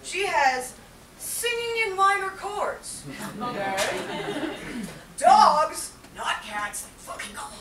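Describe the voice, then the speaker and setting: A woman's voice: extremely high pitch, sing-song, slow, a crowd in the background, heavily acted. A woman performing a brash, crude young man who rambles with constant fillers and swearing, in a live stage monologue. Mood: rambling. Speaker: solo performer. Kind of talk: stand-up character monologue. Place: small theater with live audience. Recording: echoey room, mic far off, loud noise.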